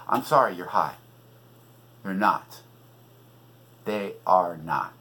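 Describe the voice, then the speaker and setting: Brief: middle-aged podcast host, husky voice, lively swings in pitch, angry and sarcastic political rant. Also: male voice, poor audio. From California. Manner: agitated, profane, sarcastic. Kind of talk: ranting political monologue.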